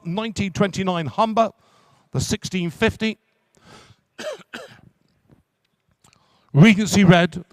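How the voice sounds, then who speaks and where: A man working as an auctioneer at a live car auction, calling bids in quick repetitive runs. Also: high-pitched, no room sound. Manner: rapid repetitive bid calling.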